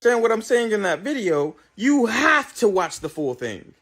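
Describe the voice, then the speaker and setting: A man talks straight to camera in a video clip, earnest and insistent as he explains himself. His voice sits a little high for a man. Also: very animated, moderate pace, a bit bright. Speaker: video creator. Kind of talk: talking to camera in a played clip.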